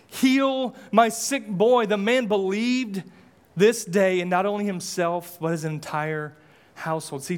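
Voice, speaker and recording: A male pastor preaching a sermon, impassioned, with repeated rhetorical questions and casual asides. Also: high voice.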